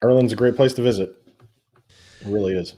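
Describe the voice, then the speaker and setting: A man's voice: on the low side, fast talker, mellow. A man appearing as a guest on a casual podcast, speaking in an easygoing, friendly way over a remote call from home.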